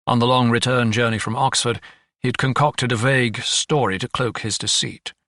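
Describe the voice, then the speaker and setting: Clean studio audio with no room sound carries a medium-pitched male voice narrating an audiobook. The scripted delivery is steady and measured, like a careful storyteller.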